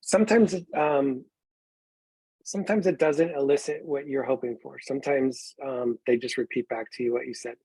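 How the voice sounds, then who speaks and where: A man taking part in a coaching group, hesitant, with many pauses and fillers. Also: mid-range voice, steady tone, warm tone, slightly rough, no room sound, low-quality recording.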